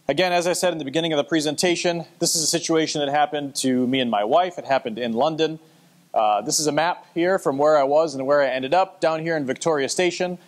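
A man presenting at a conference, telling a story with wry asides to the audience. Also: medium pitch.

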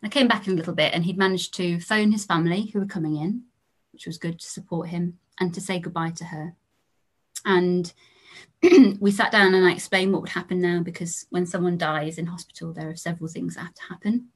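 A young English woman, a trainee family doctor, giving a lecture in a calm, measured way, telling stories from her work with endings that trail off softly. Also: fairly low pitch, breathy edge. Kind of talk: storytelling lecture.

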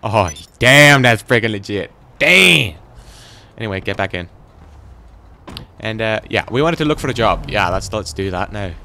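A teenage boy giving rambling, excitable commentary while playing a video game. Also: on the low side, moderate pace, creaky. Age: teens. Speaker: gaming channel host. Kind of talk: gameplay commentary.

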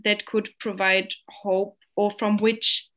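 A woman's voice: mid-range voice, little pitch movement, takes it slowly, fairly bright tone. A woman moderating an online panel discussion, polite and a little hesitant, with fillers as she poses questions.

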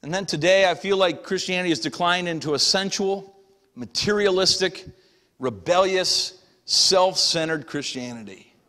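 A man's voice: sits high, moderate pace, bright, forceful tone. A middle-aged man preaching a sermon as pastor in a folksy, conversational way, acting out little everyday voices. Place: church sanctuary. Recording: long hall reverb.

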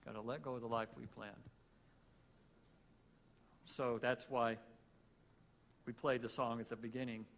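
A man closing a church sermon, speaking plainly and reflectively, then leading the congregation in prayer. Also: mid-range voice. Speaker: pastor. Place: church sanctuary. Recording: hall reverb with faint room noise.

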